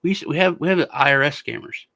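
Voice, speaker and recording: A man, hosting a crypto show, telling stories in a casual, animated way with lots of swearing. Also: on the high side, quick pace, creaky, no echo, studio quality. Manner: animated, profane ranting storyteller. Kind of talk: casual chat.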